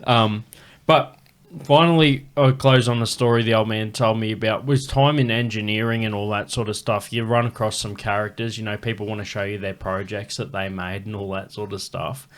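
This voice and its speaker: A man's voice: fairly low pitch, fairly even intonation, normal speed. A man with an Australian accent hosting a casual podcast, blunt and swearing freely. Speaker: podcast host. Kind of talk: casual chat.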